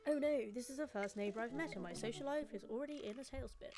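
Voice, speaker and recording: A young woman streamer plays through a dating game, reading its text aloud in a playful, giggly way. Her voice sits a little high, and game music runs steadily underneath. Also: fast talker. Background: background music.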